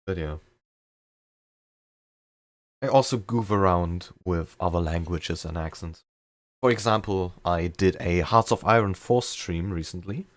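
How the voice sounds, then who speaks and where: A man's voice: sits low, measured pace, long pauses, no room sound, clean studio sound. A young man with a slight German accent, chatting casually and rambling a bit while streaming a game, often self-deprecating. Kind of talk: casual chat during a live game stream.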